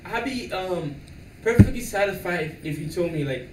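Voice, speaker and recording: A man whose first languages are French and Creole, chatting casually on a live stream as an animated storyteller who laughs often and fills his talk with "like". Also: high voice, moderate pace, echoey room, far from the mic, noisy background. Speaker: livestream co-host. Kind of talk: casual chat.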